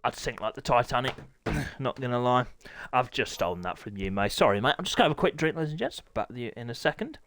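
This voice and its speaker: Chatty racing commentator, lively. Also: male voice, medium pitch, quick pace, noisy background. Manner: chatty, banters with chat, clears throat often. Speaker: sim racing commentator and stream host. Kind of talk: live stream race commentary.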